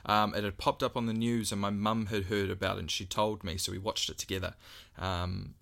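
A man with a bright, slightly low voice co-hosts a casual podcast. He talks haltingly, full of ums and false starts. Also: little pitch movement, creaky. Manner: hesitant, halting, many ums. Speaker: podcast co-host.

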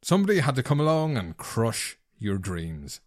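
A man's voice: mid-range voice, sing-song, normal speed, dry recording, clean studio sound. A man co-hosting a casual podcast, wry and teasing with his co-host. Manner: teasing, wry, banter-heavy. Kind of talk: casual chat.

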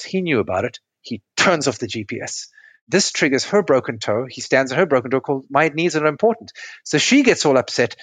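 A man's voice: medium pitch, a bit bright. Middle-aged male coach on a remote call: walks through client stories patiently, mid-range voice, no room echo. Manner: explanatory, tells client stories step by step. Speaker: relationship coach and podcast guest. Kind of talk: interview, explaining with stories.

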